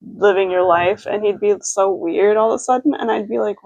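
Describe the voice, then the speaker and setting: A woman co-hosting a podcast, chatting casually and teasing her co-host, quick to laugh. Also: medium pitch, darkish tone, no echo, dull audio. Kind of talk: casual chat.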